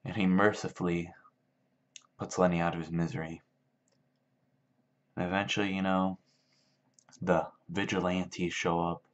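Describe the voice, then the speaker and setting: A man casually retelling a book for laughs, in a loose, rambling way full of fillers. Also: low voice. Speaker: video maker. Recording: dull lo-fi sound.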